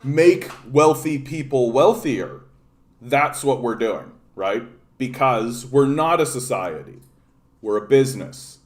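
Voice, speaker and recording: A man from Canada hosting a political livestream, ranting profanely in casual commentary and greeting chat viewers. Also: mid-range voice.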